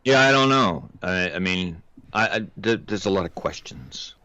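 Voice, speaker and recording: A man's voice: low-pitched, expressive, normal speed, bright, forceful tone, clean tone, dull audio. A man co-hosting a film podcast, talking in a wry, rambling way. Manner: rambling, wry, many restarts. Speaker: podcast co-host. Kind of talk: casual chat.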